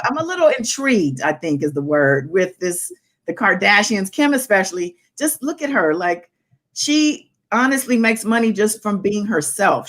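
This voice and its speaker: A woman hosting a casual talk show, relaxed and agreeable, laughing easily as she shares her thoughts. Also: medium pitch. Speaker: podcast host. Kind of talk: casual podcast chat.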